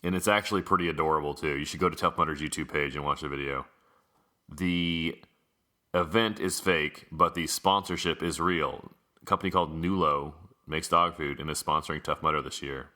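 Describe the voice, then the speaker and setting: Podcast host, male, low register, very bright tone, dry matter-of-fact delivery. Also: fairly quick. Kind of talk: casual news rundown.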